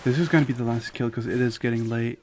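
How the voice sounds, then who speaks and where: A man's voice: medium pitch, fairly even intonation, quick pace, darkish tone. A man in the middle of his vocal range who chats casually on a live stream while gaming. His talk rambles and is packed with "like" fillers, and he speaks his opinions bluntly. A faint hiss sits under the voice. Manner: rambling, loose, with constant "like" fillers; opinionated and candid.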